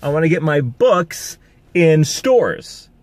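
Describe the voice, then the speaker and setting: His voice is a little high and very animated but slow, with a darkish tone and no room sound. He's a vlogger talking casually to camera in the rain on a city street, upbeat, rambling, and often laughing.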